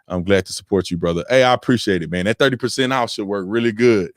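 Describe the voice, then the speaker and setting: A man in his thirties hosting a casual livestream from home, reading viewer comments and telling stories with lively, animated delivery. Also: fast talker, dry recording, studio quality. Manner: animated storytelling, voice jumps high when excited. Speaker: livestream host reading super chats.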